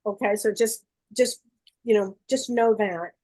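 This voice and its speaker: A woman giving a psychic gallery reading over a video call, coaxing and relaying messages in quick bursts. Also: medium pitch, mellow. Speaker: psychic medium. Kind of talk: live online gallery reading.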